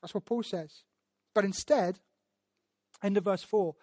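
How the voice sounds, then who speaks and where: A man preaching a sermon and teaching through Bible verses, speaking earnestly, often repeating words as he restarts, and building to loud emphatic passages. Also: high voice, unhurried, dry recording. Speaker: pastor.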